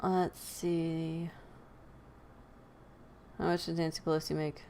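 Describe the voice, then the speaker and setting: Over slight background noise, an American podcast host talks slowly in a low voice. She gives animated, opinionated casual commentary with many laughs and sighs.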